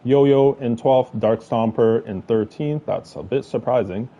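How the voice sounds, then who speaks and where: A man co-commentating an online sim race, mostly giving short replies and reading out the grid order in a steady run. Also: medium pitch, a little slow, highs cut off. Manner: brief acknowledgements, reads grid results in a steady list.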